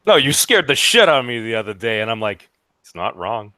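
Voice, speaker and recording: A man's voice: medium pitch, sing-song, quick pace, very noisy. A man hosting a livestream in casual banter, rambling with many stammering restarts.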